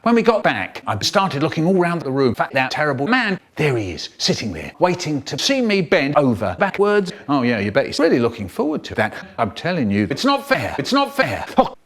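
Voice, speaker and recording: A man telling a comic story in an animated, exaggerated way. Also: fairly high pitch, fairly quick, hardly any pauses.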